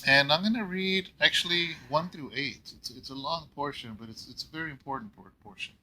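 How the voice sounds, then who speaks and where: A man pastoring a church, telling a story in a casual, rambling way and often clearing his throat. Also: on the high side, fairly quick, bright, forceful tone, rough recording. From California. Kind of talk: casual Bible talk.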